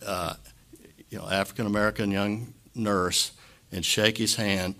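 A man pastor giving an impromptu sermon, earnest and emotional, halting often to clear his throat. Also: on the low side, little pitch movement, sharp tone.

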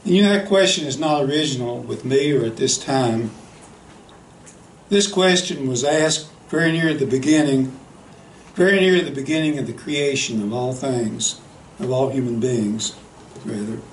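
A man preaching a sermon, telling a story in an earnest, unhurried way and often saying "you know". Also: mid-range voice, slight background noise. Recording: echoey hall, faint ambience.

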